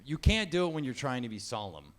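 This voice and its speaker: A man doing live comedy banter on stage, chatty and full of quick questions. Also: medium pitch, big pitch swings.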